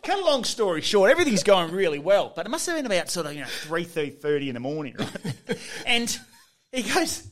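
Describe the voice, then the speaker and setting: Middle-aged Australian man, lively pitch, story-spinning podcast guest. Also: quick pace. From Western Australia. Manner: animated storyteller, acts out quotes, laughs often. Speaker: podcast guest, former footballer. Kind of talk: storytelling in casual chat.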